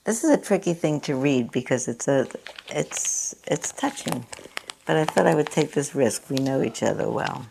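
A woman's voice: a bass voice, very animated, normal speed, vocal fry, a little mellow, a little hiss or hum. A woman meditation teacher giving a dharma talk at a meditation center, chatty and self-mocking, often laughing at herself.

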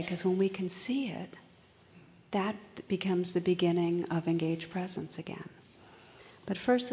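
A woman meditation teacher giving a slow, gentle dharma talk in a meditation hall. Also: lowish voice. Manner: slow, gentle, soft-spoken.

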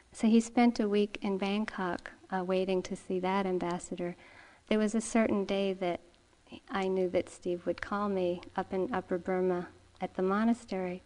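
A middle-aged woman teaches meditation in a calm dharma talk. She speaks very slowly and gently, her voice sitting at an ordinary pitch. She tells her story unhurried, breaking now and then into soft laughs.

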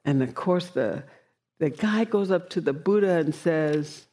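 A woman meditation teacher giving a dharma talk, reflective and slow, mixing in casual slang. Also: deep voice, expressive, mellow.

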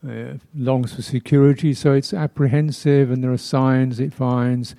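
A man giving a dharma talk as a Buddhist teacher, reflective and unhurried, pausing often with soft laughs and playful imitations of speech sounds. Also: mid-range voice, level tone, vocal fry. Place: temple hall.

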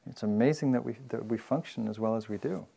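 A man, a meditation teacher, giving an informal dharma talk in a relaxed, chatty way, often saying "you know" and laughing softly. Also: medium pitch, quick pace, vocal fry, breathy edge.

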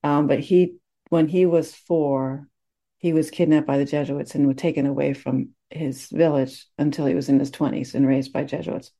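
A woman meditation teacher giving a dharma talk in a gentle, reflective way, teary as she speaks. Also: low-pitched, fairly even intonation, normal speed.

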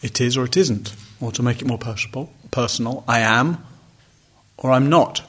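A man's voice: medium pitch, normal speed, fairly bright tone, slightly rough. A man giving a reflective, conversational dharma talk as a meditation teacher, with wry asides. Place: retreat center hall.

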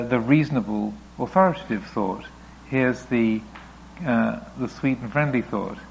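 A man with a gravelly, creaky voice answers a student's question as a meditation teacher, reflective and unhurried in his explaining. He sits at a middle pitch and sometimes voices thoughts aloud. The recording sounds dull and lo-fi. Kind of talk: dharma talk Q&A.

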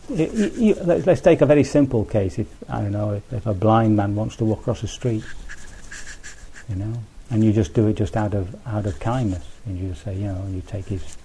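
A man with a low, mellow voice gives a relaxed dharma talk. He speaks conversationally, restarting phrases and checking in with his listeners. Faint noise sits under the recording. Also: normal speed. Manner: conversational, thinks aloud with restarts and asides. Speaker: Buddhist teacher.

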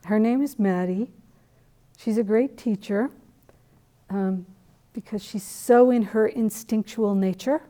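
A middle-aged woman from New England giving a dharma talk, telling a personal story in a conversational, animated way with asides. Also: medium pitch, slow pace, pauses often. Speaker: meditation teacher.

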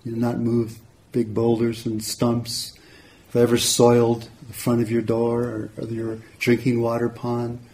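A man voicing a gentle, loving male ox with a soft, sweet, calm and compassionate voice. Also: mid-range voice, a little slow, slight background noise, lightly acted. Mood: gentle reproach. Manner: calm and patient.

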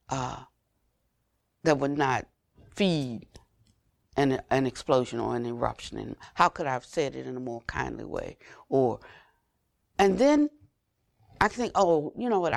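An older woman giving an unhurried Buddhist dharma talk, repeating phrases for emphasis and trailing to a near whisper at phrase ends. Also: deep voice, gravelly, no room sound, studio quality. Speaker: Buddhist teacher.

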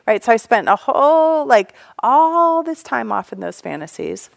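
Young woman, meditation teacher, slight fry, chatty and frank, laughs easily. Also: on the high side, expressive, moderate pace. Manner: casual and candid, laughs often, acts out inner thoughts. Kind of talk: informal dharma talk.

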